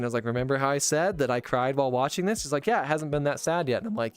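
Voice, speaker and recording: A man's voice: mid-range voice, quick pace, clear, resonant tone, soft background music. Rambling young man telling a story. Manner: rambling, animated, full of fillers and restarts. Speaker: podcast host. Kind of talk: casual storytelling.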